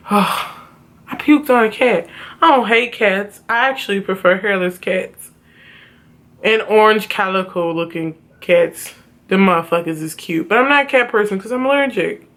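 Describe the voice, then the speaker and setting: A woman vlogger telling a story from her childhood in a casual, profane, animated way. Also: medium pitch, a little slow, long pauses.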